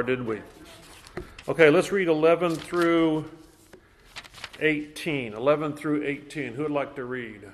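A man's voice: fairly high pitch, a bit bright. A man leading a Bible study class in a conversational way, asking the group questions.

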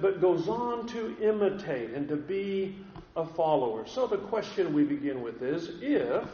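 Male pastor, high voice, earnest sermon delivery, roomy and lo-fi church recording. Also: a little hiss or hum. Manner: earnest, deliberate, often repeats words as he restarts. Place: church sanctuary with a congregation. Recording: dull echoey recording in a large hall.

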